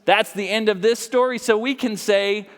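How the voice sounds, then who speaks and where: A man in a library reading a picture book aloud to children, playful and animated, asking them questions. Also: sits high, normal speed, smooth. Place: library story room. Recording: long reverb in a large room.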